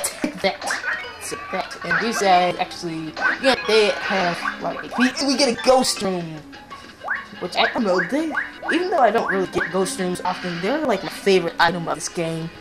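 A woman casually commenting while playing a video game, rambling with many fillers. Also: fairly low pitch. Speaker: let's play commentator. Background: game music.

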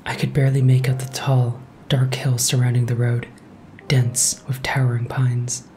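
A man narrating a first-person horror story in a measured, suspenseful way. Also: medium pitch, completely flat delivery, a little mellow, slight background noise.

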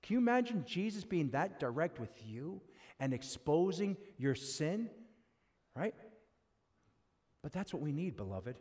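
A man's voice: medium pitch, darkish tone. An American man preaching an expository sermon as pastor, acting out quoted voices and often asking the congregation "right?". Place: church sanctuary.

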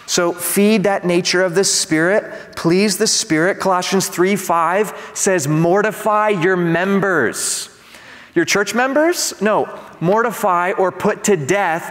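A male pastor preaching an expository sermon, animated and asking the congregation to respond. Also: high voice, big-room sound. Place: church sanctuary.

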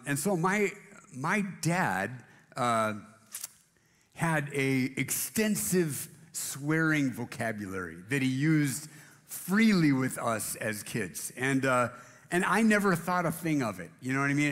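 A man's voice: on the high side, lively intonation, measured pace, a bit bright, long reverb tail. A man preaching a casual sermon in a church, rambling and self-deprecating, with many restarts. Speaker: pastor. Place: church auditorium.

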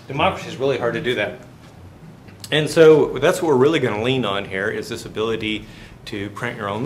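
A man giving a university finance lecture, telling jokey stories and quizzing the class. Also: medium pitch. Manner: joking, storytelling, asks the class questions. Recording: echoey classroom with faint hiss.

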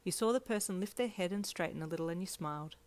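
A woman narrating a second-person fanfiction story in a gentle, even storytelling manner. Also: on the low side, fast talker.

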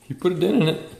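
A man chatting casually to his dog while feeding it, jumping into high baby-talk. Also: creaky, warm tone, reverberant, slight background noise. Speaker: dog owner vlogger.

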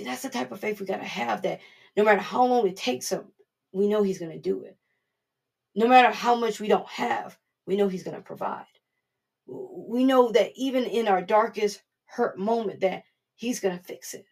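A woman preaching in a casual, earnest way, her voice gravelly with a husky edge. She talks to the congregation directly and slips into little acted voices for the people she quotes. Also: mid-range voice, a little mellow. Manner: informal and earnest, acting out quoted voices, frequent restarts. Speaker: prophetess preaching. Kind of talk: conversational sermon.

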